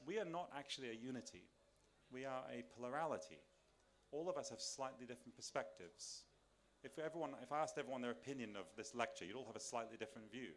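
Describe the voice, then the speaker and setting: In a large tent at a summer camp, a man gives a public lecture to an audience while being filmed by a camera. His mid-range voice is a bit bright, and he talks conversationally with restarts and rhetorical questions, moving around as he speaks.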